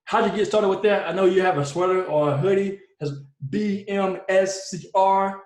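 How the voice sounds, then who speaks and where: A man's voice: sits high, normal speed, a little mellow. A man hosting a podcast, friendly and welcoming as he asks his guest questions. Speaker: podcast host. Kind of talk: interview hosting. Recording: echoey room.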